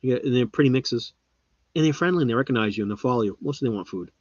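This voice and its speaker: A man hosting a live stream, chatting casually with viewers and rambling, his voice often trailing off quietly. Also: medium pitch, animated, racing, slightly rough. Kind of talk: casual chat. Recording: slightly muffled lo-fi sound.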